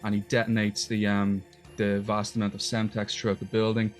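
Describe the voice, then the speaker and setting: Low-voiced man retelling a game plot. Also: completely flat delivery, a little fast, soft background music. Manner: retells scenes in detail, loose and rambling. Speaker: podcast co-host. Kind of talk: casual game retrospective chat.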